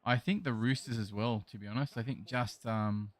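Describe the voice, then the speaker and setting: A man's voice: lowish voice, fairly even intonation, normal speed. An Australian man live streaming a game, chatting casually and greeting his viewers as mate and bro. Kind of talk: casual chat reading live chat while gaming.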